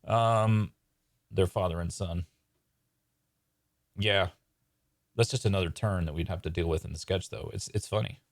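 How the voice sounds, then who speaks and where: A man's voice: deep voice, steady tone, moderate pace, vocal fry, long pauses, dry recording, clean studio sound. A man writing comedy live on stream, talking casually and hesitantly with many fillers. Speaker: sketch writer and streamer. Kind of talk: live sketch-writing chat.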